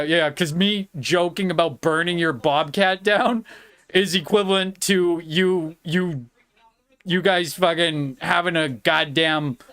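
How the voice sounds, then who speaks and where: Slow, mocking man ranting sarcastically. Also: a little high, fairly bright tone, smooth. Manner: mocking, sarcastic, profane, laughing between jabs. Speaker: podcast host. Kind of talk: ranting reaction commentary.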